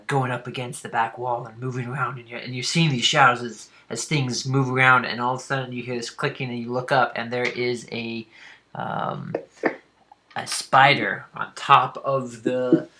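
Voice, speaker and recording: A man narrating a tabletop game as game master, pausing often with fillers and restarts. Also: medium pitch, sharp tone. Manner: halting, with frequent fillers and restarts.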